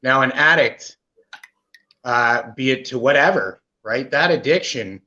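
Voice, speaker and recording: Canadian man guest, candid personal storytelling, mid-pitched, slightly muffled lo-fi audio. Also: unhurried. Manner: animated, with frequent "right?" asides. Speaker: podcast guest.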